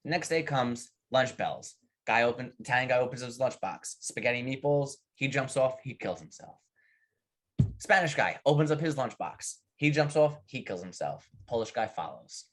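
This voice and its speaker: A man co-hosting a podcast, telling jokes as an animated storyteller in casual chat. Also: mid-range voice, normal speed. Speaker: podcast co-host.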